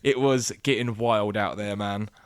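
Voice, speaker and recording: A man's voice: fairly low pitch, steady tone, unhurried, no room sound, studio quality. A man on a podcast, telling a story in a laid-back, sweary manner and often trailing off mid-sentence. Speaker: podcast co-host. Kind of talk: casual podcast chat.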